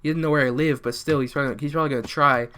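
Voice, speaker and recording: A man's voice: on the high side, steady tone, rapid-fire, bright, forceful tone, smooth. A teenage boy from the American South, rambling through a joking storytime while gaming, full of restarts. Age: teens. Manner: rambling, joking, restarts a lot, mutters at the game. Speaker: YouTuber. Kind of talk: storytime commentary over gameplay.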